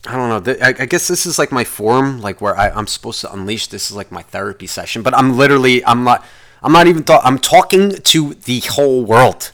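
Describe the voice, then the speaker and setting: A man venting on his own podcast in a loose, profane, rambling monologue. His voice rises and falls a lot as he goes. He sits at a middle pitch and swears in nearly every sentence. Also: animated, fairly quick, a bit bright. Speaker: podcast host. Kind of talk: solo podcast rant. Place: lives in the United States.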